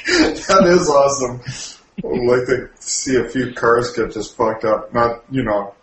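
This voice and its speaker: A man's voice: medium pitch, expressive, unhurried, noisy background. Joking podcast guy, dry asides, echoey room. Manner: wry, joking asides, swears. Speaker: podcast co-host. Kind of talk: casual chat.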